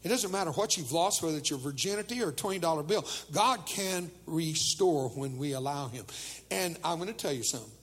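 A man's voice: a little high, expressive, brisk, a bit bright, breathy edge, in a large hall. An older man preaching a humorous sermon to teenagers, telling jokes and acting out the voices of people in his stories.

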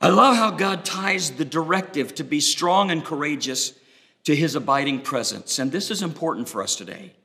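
Man, preacher, dramatic sermon delivery, bright and forceful tone. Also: a little high, animated, moderate pace. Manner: dramatic, acts out quoted voices. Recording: long reverb of a large hall.

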